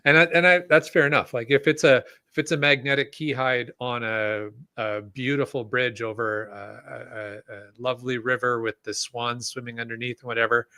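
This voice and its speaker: A man co-hosting a casual podcast, musing out loud with restarts and little chuckles. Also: medium pitch, steady tone, moderate pace, hardly any pauses, dry recording. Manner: rambling, chuckles mid-sentence, restarts. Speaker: podcast co-host.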